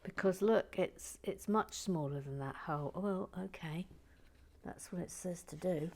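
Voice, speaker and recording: A woman's voice: fairly low pitch, moderate pace, darkish tone. Chatty woman building LEGO. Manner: chatty, wry, talking to herself; reads viewer comments aloud. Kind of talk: casual narration while building.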